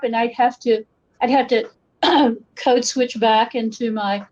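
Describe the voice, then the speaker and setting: A woman's voice: fairly high pitch, slow pace. A middle-aged woman from western North Carolina with an Appalachian Southern accent, telling stories as a guest in a casual interview. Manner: lively storytelling, shifts accent to match listeners. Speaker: guest folklorist. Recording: muffled lo-fi audio.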